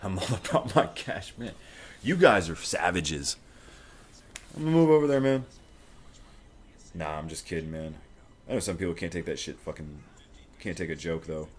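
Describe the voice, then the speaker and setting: Brief: young man, low-voiced stream host from Florida, swears freely and gets hyped calling the fight live. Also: moderate pace, pauses often, slight background noise. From Florida, USA. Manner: profane, excitable, rambling. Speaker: livestream host. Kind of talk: live fight watch-along commentary.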